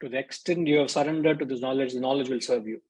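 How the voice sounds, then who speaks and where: A man's voice: mid-range voice, fast, a little mellow, husky, low-quality recording. A man giving a conversational spiritual discourse as a teacher, briefly acting out the voices in his stories. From India.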